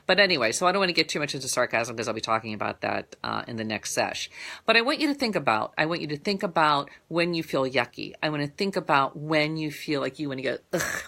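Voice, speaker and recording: A woman's voice: a bass voice, creaky, pushed and bright. A middle-aged woman therapist giving earnest, rambling advice to viewers, with many fillers and restarts. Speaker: relationship therapist. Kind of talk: casual advice talk to viewers.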